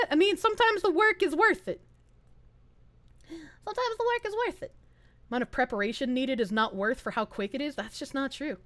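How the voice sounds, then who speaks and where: A young woman streams as a VTuber, her voice a little high and the recording dry. She has a Southern US accent from the American South and chats casually while reading chat aloud, laughing often and swearing freely.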